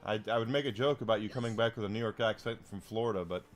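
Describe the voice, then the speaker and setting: Man, low voice, casual gameplay chatter, talks to viewers, faint background music. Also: racing. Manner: chatty, talks to chat readers between game remarks. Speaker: streamer.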